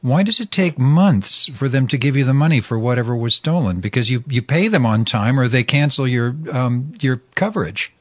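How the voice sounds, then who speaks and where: A man's voice: medium pitch, animated, moderate pace, hardly any pauses, dry recording. A man hosting a radio talk show, questioning his caller in a skeptical, wry way.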